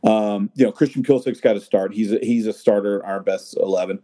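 Guy rambling about soccer on a podcast, mellow voice, tons of uh and you know. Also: on the low side, fairly even intonation, fast. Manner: rambling, many fillers and restarts. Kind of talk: casual chat.

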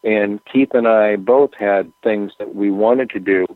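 A man, a musician guest, telling rambling anecdotes in a relaxed, casual interview with plenty of fillers. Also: lowish voice, unhurried, no room sound. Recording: tinny phone line.

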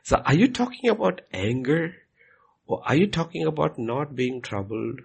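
A pastor in a Q&A teaching answers questions with a very animated voice on the high side, at normal speed, showing vocal fry and a breathy edge. He repeats his points emphatically and acts out quoted questions.

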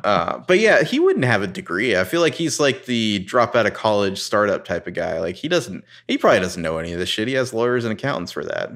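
A man's voice: on the low side, sing-song, a little fast, few pauses, a bit bright. A man co-hosting a casual podcast, recapping a TV episode and swearing freely. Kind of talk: casual chat.

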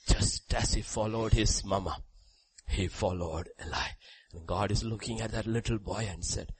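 An older man preaching a sermon as a grandfather and pastor, repeating short questions and commands, dropping to near-whispers and then rising to loud exhortation. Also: on the low side, normal speed, breathy edge, rough recording.

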